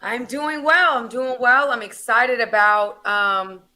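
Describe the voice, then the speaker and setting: A young American woman is hosting a casual livestream. Her voice sits a little high and has a bright, forward edge. She talks in a lively, chatty way and calls her viewers y'all. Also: slow pace. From United States. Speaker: host.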